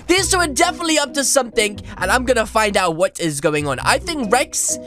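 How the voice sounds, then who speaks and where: High-voiced teasing gaming YouTuber woman. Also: faint music behind. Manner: animated, teasing, quick switches between narration and banter. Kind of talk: playful game commentary with role-play.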